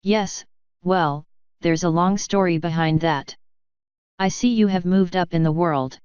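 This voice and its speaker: A man's voice: high voice, unhurried, a little mellow, smooth, dry recording. A woman voicing a sardonic, grumbling human man with a dry, exasperated manner, in a dull lo-fi recording.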